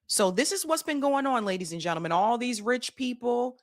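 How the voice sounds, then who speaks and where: A woman's voice: fairly high pitch, animated, fairly quick. A woman commenting on a news clip, speaking to her audience directly with pointed emphasis.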